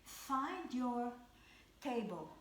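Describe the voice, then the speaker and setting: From her home, a Pilates instructor leads a live class, calmly repeating cues and counts for each movement. She speaks slowly in a slightly high voice, in an echoey room with a faint hiss or hum.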